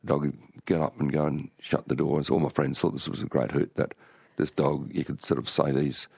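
Speaking a bit fast in a level, darkish bass that's gravelly and husky, an older Australian author rambles through stories with many restarts while being interviewed in a relaxed, conversational way. The studio recording is clean and dry.

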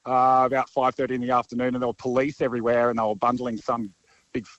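Relaxed caller telling a story. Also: male voice, medium pitch, fast talker, no room sound, muffled recording.

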